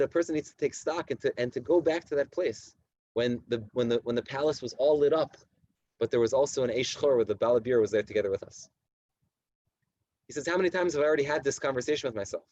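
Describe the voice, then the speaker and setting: A man in his thirties, a rabbi giving a Torah lecture to his community, reading Hebrew texts slowly and explaining them in animated, repetitive English. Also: medium pitch, no echo, lo-fi sound. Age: 30s. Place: community study hall at night.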